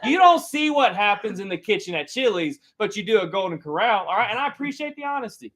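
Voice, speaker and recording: A man with a somewhat high voice tells a comic story about himself to a live audience. He is animated and pokes fun at himself. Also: fast. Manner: animated, self-mocking, acts out loud quoted lines. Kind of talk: comedic personal storytelling.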